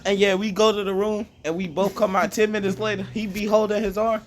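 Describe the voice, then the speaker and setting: A young man in casual chat, excitedly spinning an imagined story, laughing often and acting out lines. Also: high-pitched, brisk.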